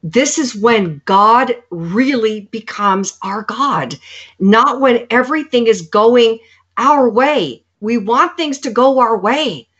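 A woman's voice: on the high side, animated, takes it slowly, a bit bright, slightly rough. A woman giving an earnest, preaching testimony, quoting scripture along the way. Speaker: guest. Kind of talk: sermon-like testimony. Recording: dull lo-fi sound.

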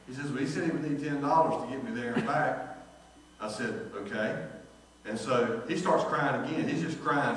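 Pastor preaching in an echoey hall. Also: male voice, medium pitch, slight background noise. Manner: storytelling, acts out quoted dialogue. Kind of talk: sermon. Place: church sanctuary. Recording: echoey church hall from far off.

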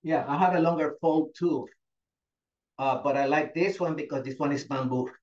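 A male fitness instructor leading a class, giving steady cues and encouraging students by name. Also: on the high side, normal speed. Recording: echoey, dull lo-fi room sound.

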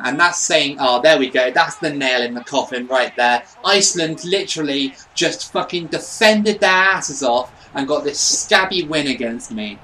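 A man's voice: a little high, a bit bright, a little hiss or hum, poor audio. A young man giving casual commentary on a football video game, swearing and ranting at the computer opponent. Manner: frustrated, swears, rants at the game. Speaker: gaming YouTuber.

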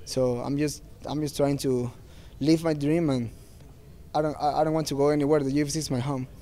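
A man's voice: on the high side, steady tone, a little fast, warm tone. A man speaking as a fighter at a post-fight press interview, earnest and plain-spoken, with non-native phrasing.

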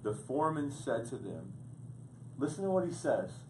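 A man preaching a sermon as pastor, repeating words as he builds to loud, urgent points. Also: medium pitch, sing-song, moderate pace, a little hiss or hum. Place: church sanctuary. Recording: echoey room picked up from a distance.

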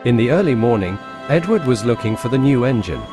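A man narrates a storybook tale in a plain, steady reading voice. His pitch sits in the ordinary range. Clear music plays behind him throughout. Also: fairly quick.

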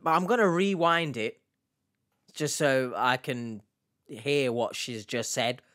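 A man's voice: mid-range voice, slow pace, a bit bright. A man hosting a reaction video, commenting in a mocking, exasperated way. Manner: mocking, exasperated, swings between mutters and outbursts.

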